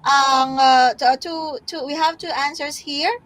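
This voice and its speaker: Filipino woman, online tutor, high voice, filler-heavy. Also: fairly even intonation, measured pace, a bit bright, dry recording. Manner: reads out learners' names, many fillers. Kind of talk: live online lesson.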